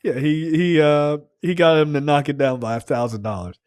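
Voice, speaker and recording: A man's voice: on the high side, steady tone, normal speed, darkish tone, smooth, dry recording, clean studio sound. A man co-hosting a film review podcast, recapping scenes in a loose, profane, casual way. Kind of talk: casual chat.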